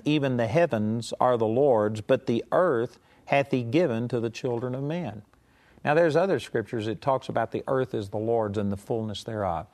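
A man delivers a sermon in a mid-pitched voice, leaning hard on key words with a slow, deliberate cadence. When he reads scripture he speeds through the old-fashioned phrasing, then drops back into plain conversational asides to his listeners. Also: darkish tone. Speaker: preacher. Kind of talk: sermon teaching.

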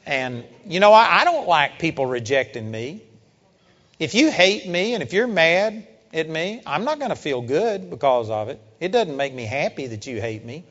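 A man preaching a sermon, emphatic, building up to loud rhetorical questions. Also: on the high side, sing-song, moderate pace. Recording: dull lo-fi sound with long hall reverb.

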